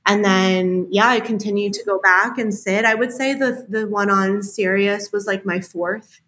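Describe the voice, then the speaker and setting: A woman's voice: mid-range voice, steady tone, measured pace, a bit bright. Chatty woman retelling a story. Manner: chatty, many fillers, acts out her own inner dialogue. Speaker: podcast guest. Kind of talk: casual storytelling interview.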